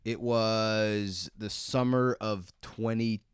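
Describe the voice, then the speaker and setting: A man's voice: fairly low pitch, steady tone, takes it slowly, clear, resonant tone, dry recording, studio quality. A young man co-hosting a comedy podcast, talking in a playful, rambling way that often trails off mid-thought. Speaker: podcast co-host. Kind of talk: casual comedic chat.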